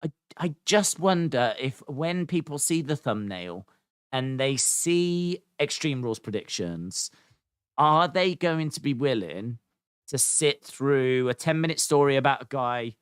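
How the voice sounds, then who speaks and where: Chatty podcast host, dry sound. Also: male voice, medium pitch, animated, unhurried, a bit bright, smooth, no room sound. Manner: chatty, rambling, self-deprecating. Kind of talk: casual podcast chat.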